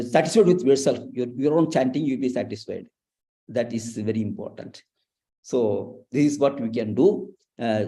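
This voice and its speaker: A man's voice: medium pitch, warm tone. Patient man teaching chanting. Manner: slow and patient, repeating syllables for learners. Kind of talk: online chanting class.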